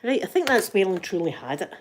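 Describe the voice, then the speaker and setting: A woman's voice: medium pitch, sing-song, fast, slight background noise. An older woman with a Scottish accent, chatting casually and cheekily as an ASMR host, laughing often.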